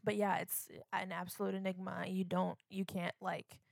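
A woman's voice: medium pitch, level tone, moderate pace, gravelly, no echo, studio quality. A woman from Florida co-hosting a casual podcast chat, talking freely with lots of "like" fillers. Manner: chatty, filler-heavy, lots of "like". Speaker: podcast co-host.

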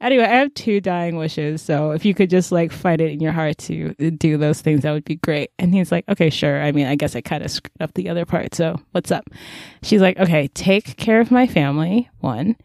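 A woman chatting casually as she recaps a story. She jumps into quick character voices for the quotes and keeps the pace going. The sound is close and dry, with no room around it. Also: low voice, darkish tone, no room sound. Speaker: podcast co-host recapping a drama. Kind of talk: casual chat.

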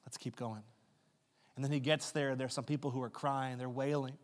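A man preaching a sermon as a pastor. He retells Bible stories in a conversational way, acting out the characters, then builds to loud, impassioned climaxes. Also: mid-range voice, little pitch movement, fairly quick. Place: church sanctuary. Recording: long hall reverb with faint music. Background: faint keys or guitar.

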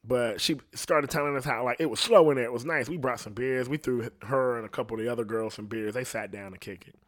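A young man telling a story on a podcast, swearing freely and acting out the parts. His voice sits at an ordinary middle pitch. The sound is dry and close, with no room echo. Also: fast. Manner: profane, animated storyteller. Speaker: podcast host.

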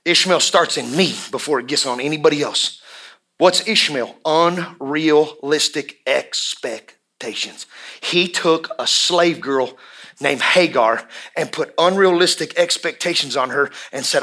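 Bright-voiced impassioned preacher man. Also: fairly high pitch. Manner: impassioned, swings from hushed to shouting; drawn-out emphatic repetitions. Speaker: pastor. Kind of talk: sermon.

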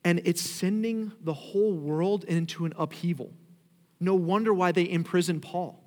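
A man's voice: sits high, moderate pace, a little mellow. A man preaching a sermon as pastor, talking conversationally and rising into emphatic declarations. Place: church sanctuary. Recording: long hall reverb.

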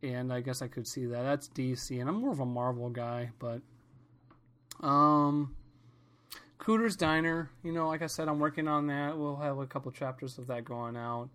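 A man hosting a podcast, telling a rambling, profane, animated story in a casual comedic rant. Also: mid-range voice, moderate pace. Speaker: podcast host.

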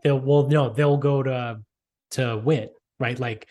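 A man's voice: medium pitch, steady tone, slow, darkish tone. A man from the Boston area co-hosting a casual podcast, rambling and swearing with lots of "like". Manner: rambling, profane, fillers like "like". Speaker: podcast co-host. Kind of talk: casual chat.

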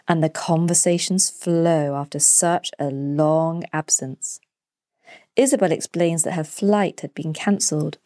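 A woman narrating a children's story as the storyteller, in a clear and deliberate way. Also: low voice, a little mellow, no echo, studio quality.

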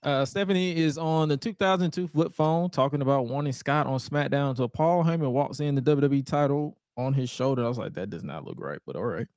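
A man's voice: fairly high pitch, brisk, hardly any pauses, clean tone, no room sound, studio quality. A man co-hosting a podcast, recapping old wrestling shows in a casual chat and acting out the wrestlers' lines in silly voices. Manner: animated storytelling, acts out wrestlers' lines in goofy voices. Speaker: podcast co-host.

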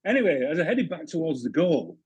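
A man's voice: on the high side, sing-song, a little fast, slightly rough, no echo. A man in his fifties, a former goalkeeper, telling chatty football anecdotes as a podcast guest. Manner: chatty anecdotes, frequent restarts, laughing. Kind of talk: casual storytelling chat.

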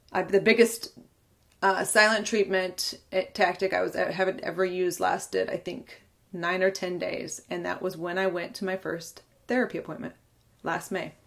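A woman's voice: fairly low pitch, little pitch movement, measured pace, gravelly, fairly bright tone. A woman in her thirties hosting a podcast, telling her own story in a candid, earnest monologue and often quoting what others said. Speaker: podcast host.

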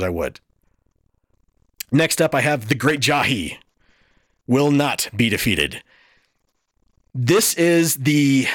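A man's voice: mid-range voice, fairly bright tone, no room sound, clean studio sound. A man hosting a podcast, giving a casual, exasperated and profane review rant. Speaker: podcast host.

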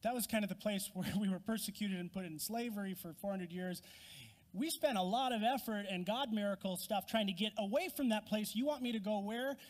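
A man's voice: high-pitched, brisk. A man preaching a sermon as pastor in a church, earnest and conversational, acting out quoted voices. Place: church sanctuary. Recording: long reverb of a large hall.

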